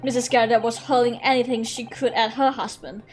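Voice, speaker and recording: A woman reading the lines of an earnest young male defense lawyer in a courtroom video game, measured and deliberate. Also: on the high side, steady tone, natural voice.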